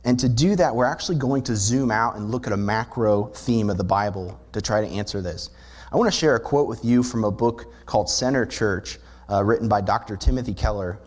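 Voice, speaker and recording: A man's voice: on the low side, a little fast, darkish tone. A male pastor preaching a sermon in a church, explaining scripture earnestly and posing rhetorical questions to the congregation. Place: church sanctuary.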